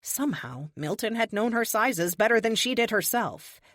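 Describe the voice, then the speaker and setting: A woman narrating an audiobook with steady, expressive storytelling. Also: a little high, moderate pace, dry recording, clean studio sound. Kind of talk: scripted narration.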